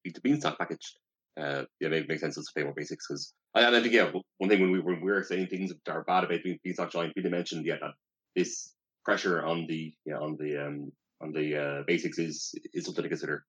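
A man in a casual card-game chat, telling stories in a quick, animated way. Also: very deep voice, husky. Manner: quick, animated storytelling with laughs. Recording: dull lo-fi mic.

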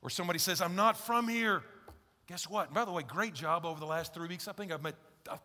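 A male pastor preaching a conversational, emphatic sermon in a large church, swinging from loud to hushed. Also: on the high side, rapid-fire. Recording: long hall reverb in a church.

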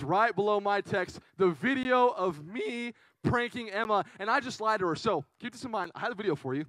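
A young man preaching to a youth group, telling a funny story in an animated, chatty way with lots of "right?". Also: high voice, dry recording, rough recording. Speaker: youth pastor. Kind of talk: casual storytelling sermon.

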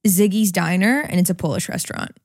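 A woman's voice: lowish voice, brisk, a little mellow, no echo. Young woman, podcast co-host, playful, teasing, dry close mic. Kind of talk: casual chat.

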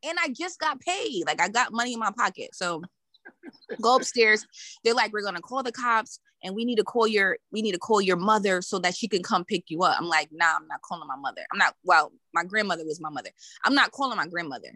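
Bright-voiced woman telling a story. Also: mid-range voice, a little fast, dry recording. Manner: animated, laughs often, acts out quoted voices. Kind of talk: casual storytelling.

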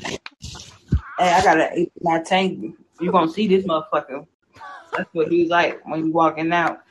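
A woman's voice: on the low side, level tone, moderate pace, a little hiss or hum, poor audio. Teasing woman, crude banter. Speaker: chat room participant. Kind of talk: casual voice chat.

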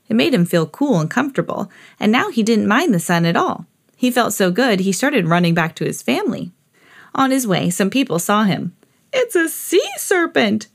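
A woman hosting a podcast, reading a children's picture book aloud in an expressive storytelling voice. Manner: expressive, jumps high for quoted characters. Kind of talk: read-aloud storybook narration.

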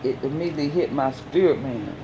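Preacher guy, kinda high voice, stumbles reading verses then breaks it down plain, little hiss behind. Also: muffled recording. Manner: reads verses haltingly, then explains in plain folksy talk. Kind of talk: sermon reading and explaining scripture.

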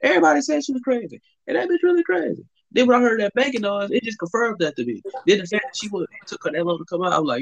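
A young man with a slightly high voice tells a long story in a casual chat on a call. His telling is loose and profane, full of fillers and restarts. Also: animated, racing, vocal fry, hardly any pauses, low-quality recording.

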